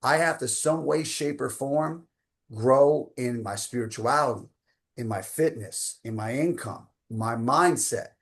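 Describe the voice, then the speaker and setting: Speaking at a measured pace in a mid-range voice, a fifties-aged coach delivers a motivational story. He's emphatic and talks casually, throwing in words like "man" and "dude."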